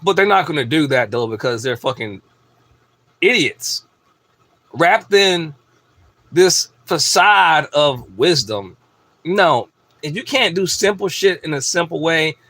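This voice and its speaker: Male host, profane emphatic rant, slightly high pitch, dry recording. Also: animated, takes it slowly, long pauses, sharp tone, no room sound. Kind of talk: ranting monologue.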